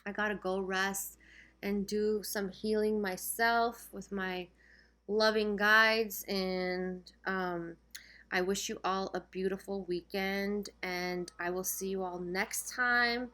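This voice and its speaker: A woman's voice: medium pitch, fairly even intonation, slow, a bit bright. A woman giving a casual spiritual tarot reading to her viewers, talking chattily and checking in often, her voice getting worn. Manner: chatty, keeps checking in with "okay?". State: losing her voice. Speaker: tarot reader.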